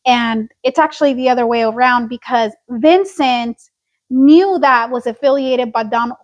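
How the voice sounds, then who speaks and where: High-pitched woman gossiping on a podcast, animated, kinda dull lo-fi sound. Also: measured pace. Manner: animated storytelling, acting out quotes. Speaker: podcast co-host. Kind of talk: casual gossip chat.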